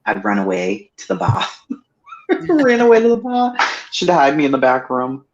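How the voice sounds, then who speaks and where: A woman's voice: a bass voice, wildly swooping pitch, normal speed. A woman hosting a livestream chat, swearing freely and laughing as she tells family stories over a video call. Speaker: livestream host. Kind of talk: casual chat. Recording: dull lo-fi stream audio.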